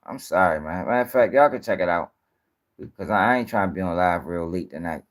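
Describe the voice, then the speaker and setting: A man's voice: low voice, fairly quick. A man hosting a live-stream news show, ranting in casual, profane, rambling talk and sounding tired.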